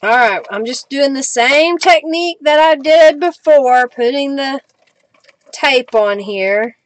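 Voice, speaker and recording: Chatting with her viewers as she crafts on a live stream, this middle-aged woman laughs frequently and keeps things casual. She has a high, lively voice and a slow pace, with a bit of hiss or hum in the background.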